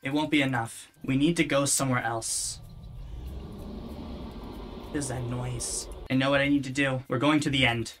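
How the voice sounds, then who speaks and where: A gamer talking to themself while playing, with dry, sarcastic asides and quiet muttering. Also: mid-range voice, steady tone, normal speed, long pauses, slight background noise. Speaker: let's play gamer. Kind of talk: casual gameplay commentary.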